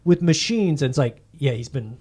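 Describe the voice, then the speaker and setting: A man co-hosting a comedy podcast in casual, excitable chat. He rambles, trails off, and laughs easily at his own jokes. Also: medium pitch, moderate pace, husky. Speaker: podcast co-host.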